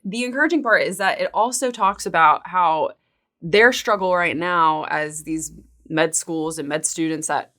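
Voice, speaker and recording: A woman's voice: lowish voice, measured pace, sharp tone. A woman co-hosting a casual podcast discussion, reading quotes from articles aloud in a chatty way. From Texas. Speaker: podcast co-host.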